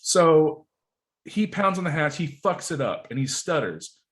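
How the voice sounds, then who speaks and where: Profane, animated male podcast guest. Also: a little high, a little slow, slight background noise. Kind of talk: casual podcast chat, storytelling.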